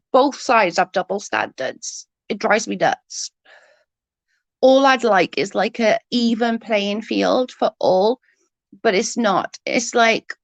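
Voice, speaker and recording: A woman talks casually on a livestream, answering viewers and venting bluntly, with some swearing. Her voice is husky and hoarse from a cold, with a gravelly, creaky edge. She is recorded close up in a dry, dead-sounding space. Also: mid-range voice, no room sound. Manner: blunt, swears freely, vents about double standards. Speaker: livestream host. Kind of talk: casual live chat reading comments.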